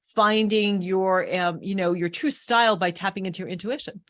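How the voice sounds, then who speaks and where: A woman hosting a casual interview, giving quick, encouraging prompts to her guest. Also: mid-range voice. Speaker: interview host.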